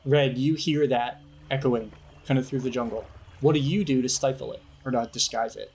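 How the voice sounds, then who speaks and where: A man running a tabletop game as game master, narrating in a relaxed, chatty way. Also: medium pitch, normal speed, slightly rough.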